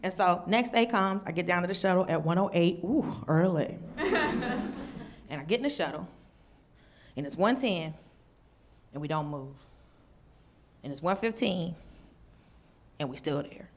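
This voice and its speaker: A woman comedian doing a stand-up set, telling a story in an animated way and jumping into high voices when she plays other people. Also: normal speed, long pauses. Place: stage before a laughing audience. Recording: live show with audience noise.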